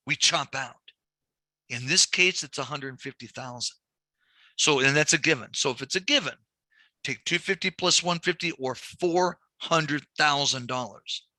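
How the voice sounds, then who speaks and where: A man with a very bright, tense voice and a fairly high pitch teaches a banking session, explaining figures step by step. His delivery turns animated when he tells stories and acts out dialogue. The recording is close and dry, with no room sound. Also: unhurried, no echo. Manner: animated storytelling with quoted dialogue. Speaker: banking instructor. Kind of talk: recorded training lecture.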